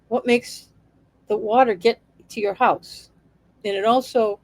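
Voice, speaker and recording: A woman's voice: on the high side, darkish tone, no echo, rough recording. A woman vlogger giving casual, wry commentary on local town politics, chatty and sarcastic with many restarts.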